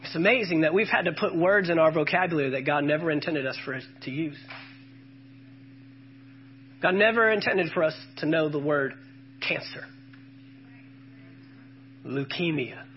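Male preacher with a high voice, emphatic and call-and-response, on a muffled recording. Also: moderate pace, pauses often, a little hiss or hum. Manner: emphatic, calls out to the congregation and quotes scripture. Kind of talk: sermon.

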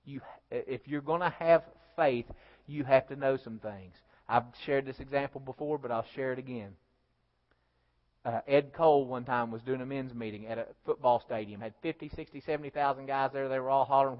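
A male pastor preaching a sermon, swinging between loud emphatic lines and quiet asides to the congregation. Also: mid-range voice, fairly quick. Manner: preaching with call-and-response asides, rising and falling in volume. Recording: dull lo-fi sound with long hall reverb.

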